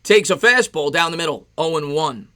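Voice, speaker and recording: A man doing casual play-by-play on a live stream, chatting with viewers between pitches. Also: expressive, normal speed, bright, forceful tone. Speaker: live-stream sports host.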